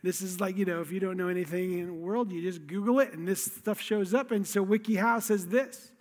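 A man preaching a sermon as a pastor, in a lively, conversational, storytelling way. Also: sits high, fairly quick, few pauses. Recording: long reverb of a large hall.

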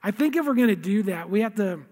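A man's voice: high-pitched, animated, a little mellow. A man preaching a sermon as pastor, earnest, often repeating words as he starts a thought. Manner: earnest, reads scripture slowly with feeling, repeats words. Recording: long hall reverb.

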